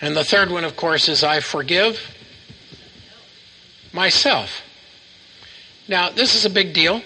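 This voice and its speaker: A man's voice: high-pitched, slow, pushed and bright, slight background noise, poor audio. A man preaching a sermon to a live congregation, asking questions and having them repeat lines back to him.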